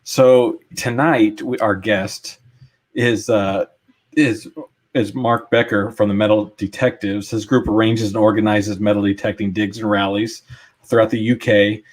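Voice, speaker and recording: A man's voice: on the low side, flat delivery, a little slow. A man co-hosting a chat show, joking and bantering in a laid-back way. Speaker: co-host. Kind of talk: casual chat.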